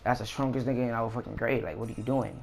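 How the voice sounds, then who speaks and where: A young man casually telling a story about a school fight in slangy, animated street talk with swearing. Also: medium pitch, quick pace, vocal fry, a little hiss or hum. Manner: slangy, animated retelling with profanity.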